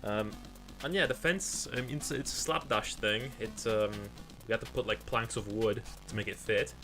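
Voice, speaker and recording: A man's voice: lowish voice, normal speed, sharp tone, soft background music. A male game streamer chatting casually at home, rambling with lots of fillers and restarts. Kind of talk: casual chat while gaming.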